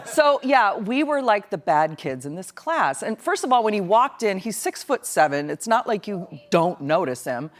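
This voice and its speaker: Wry woman in her fifties with lively intonation. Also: medium pitch, normal speed, hardly any pauses. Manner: wry, dry humor. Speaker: talk show guest. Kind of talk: casual interview chat.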